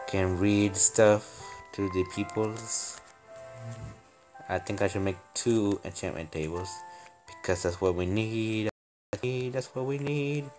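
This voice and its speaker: A young man casually commenting on his building game, playful and rambling, making up silly stories. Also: fairly low pitch. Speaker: game channel host.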